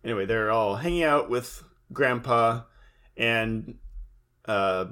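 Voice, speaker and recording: A man co-hosting a casual podcast, recapping an episode in a relaxed, wry storytelling way. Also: medium pitch. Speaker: podcast co-host.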